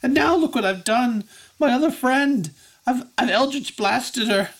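A woman's voice: a little high, animated, fairly quick, dark tone, pitched above the performer's own voice. A game master voicing a young woman warlock who sobs, wails and curses. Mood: sobbing. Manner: weepy and wailing. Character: sobbing foul-mouthed young female warlock.

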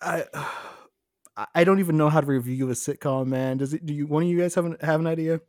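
A man's voice: on the high side, fairly even intonation, fast, darkish tone, no room sound, clean studio sound. A man co-hosting a podcast in casual chat, joking and sarcastic. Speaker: podcast co-host.

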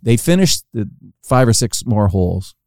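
A man on a podcast, telling a long funny anecdote casually and acting out the quoted lines with lively rises. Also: normal speed, dry recording, clean studio sound. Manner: animated storytelling, acting out quoted lines with rising pitch. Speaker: podcast guest storyteller.

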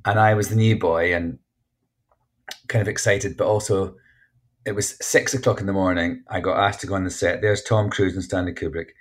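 Speaking in a deep voice with fairly even intonation at normal speed, a Scottish guest who acts and has written a memoir tells frank, chatty stories in a casual interview, with many restarts along the way.

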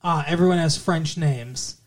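A man's voice: on the high side, unhurried. Man, podcast co-host, casual film chat, rambling, swears casually. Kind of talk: casual movie review chat.

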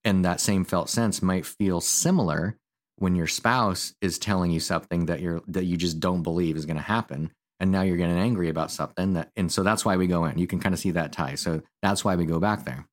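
A man's voice: low-pitched, fairly quick. A man who works as a counselor, co-hosting a podcast and explaining ideas in a rambling, casual way with many fillers.

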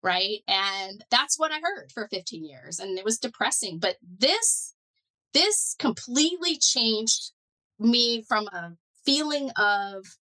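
Her voice is on the high side and slow, heard through a rough recording. She is a middle-aged neuroscientist who heads a foundation, speaking as a guest in a conversational interview. She tells her story with animated energy and many "like" and "you know" fillers.

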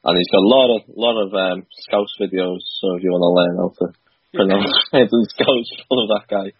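A man appearing as a guest on a football podcast, relaxed and halting with many ums. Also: sits low, breathy edge, no room sound. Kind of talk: casual podcast chat. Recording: dry, dull lo-fi call audio.

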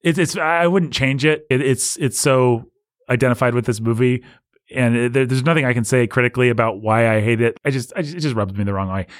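A man's voice: medium pitch, a little fast, no room sound, studio quality. A man co-hosting a casual movie discussion, wry and sarcastic, often laughing as he talks. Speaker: podcast co-host.

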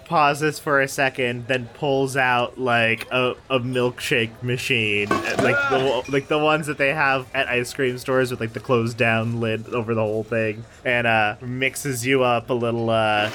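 A man's voice: mid-range voice, steady tone, unhurried, hardly any pauses, noisy background. A man narrating a tabletop game as game master, casual and playful.

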